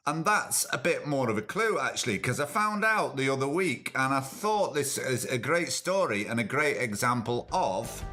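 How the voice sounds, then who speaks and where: Bright-voiced podcast host. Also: male voice, mid-range voice, animated, moderate pace, hardly any pauses. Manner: exasperated, chatty. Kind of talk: comic podcast chat.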